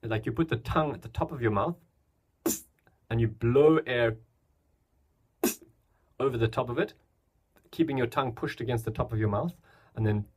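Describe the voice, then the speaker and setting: Casual husky-voiced man teaching beatboxing. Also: medium pitch, moderate pace, long pauses. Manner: relaxed, chatty, loose explanations with restarts. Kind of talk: casual tutorial. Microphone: camera mic, filming himself.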